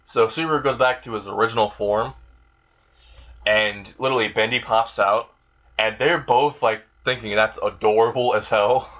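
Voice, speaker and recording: A man's voice: fairly low pitch, steady tone, moderate pace, a bit bright, dull audio. A young man casually retelling an improvised fan story, rambling with lots of fillers, restarts and swearing.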